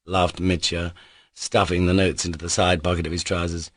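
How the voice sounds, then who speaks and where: A man reading audiobook narration in a measured, even way. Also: low-pitched, no room sound, clean studio sound. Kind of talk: scripted narration.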